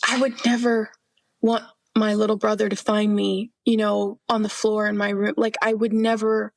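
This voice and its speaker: Gravelly young woman telling her story. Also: mid-range voice, level tone, moderate pace, dry recording. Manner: earnest storytelling, many fillers like "like" and "um", acting out quoted dialogue. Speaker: podcast guest. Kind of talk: personal testimony in an interview.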